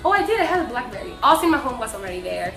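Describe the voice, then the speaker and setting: A young woman from Mexico excitedly telling a fan story to camera, breathless and bubbly, full of "like". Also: on the high side, rapid-fire, gravelly, a crowd in the background. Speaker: vlogger. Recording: echoey room with faint music.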